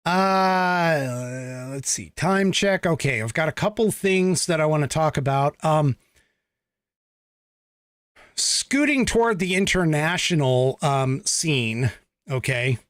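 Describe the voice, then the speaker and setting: A man's voice: a little high, lively intonation, takes it slowly, fairly bright tone, dry recording, studio quality. A man from the United States hosting a podcast, giving a blunt, emphatic political commentary monologue with profanity. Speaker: podcast host.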